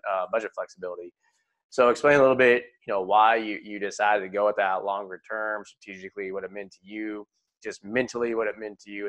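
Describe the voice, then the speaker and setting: A man's voice: on the low side, fairly bright tone. A man hosting a podcast, explaining student loan planning in an upbeat, casual way with many fillers. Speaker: podcast host, loan advisor.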